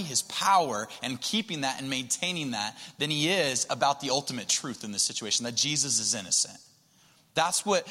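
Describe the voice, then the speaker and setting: A man's voice: on the high side, pushed and bright. A man preaching a sermon in a conversational way, often repeating his words as he goes. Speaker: pastor. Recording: reverberant hall.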